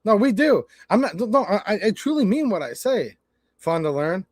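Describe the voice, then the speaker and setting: A man's voice: high voice, very animated, moderate pace, dry recording, clean studio sound. Blunt Michigan man ranting on a livestream. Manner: blunt, swearing, storytelling with quoted exchanges. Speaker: channel host. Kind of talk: casual livestream rant.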